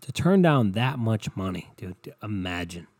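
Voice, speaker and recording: Profane rambling podcast guy, dark tone. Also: lowish voice, sing-song, moderate pace, no room sound. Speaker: podcast host. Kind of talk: solo podcast rant.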